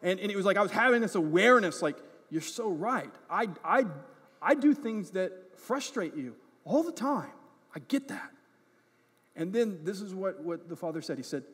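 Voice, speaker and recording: A husky-voiced man with a high pitch, a pastor and adult parent, preaches at a moderate pace in a church sanctuary, with reverberant hall acoustics. His sermon weaves in personal storytelling, and he's conversational, frequently checking in with "right?" and "okay?", self-deprecating, and animated in funny moments.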